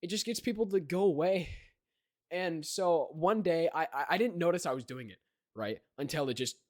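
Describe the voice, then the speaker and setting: A young man co-hosts a podcast in a casual, rambling chat, restarting often and tacking "right?" onto his lines. His voice sits a little high and is expressive and a little mellow, at a normal speed. The studio-quality recording has no room sound.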